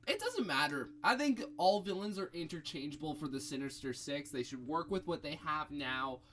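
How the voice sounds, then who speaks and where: A young man co-hosting a casual podcast chat, animated and thinking aloud with fillers as he goes. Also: fairly high pitch, moderate pace, slight background noise. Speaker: podcast co-host.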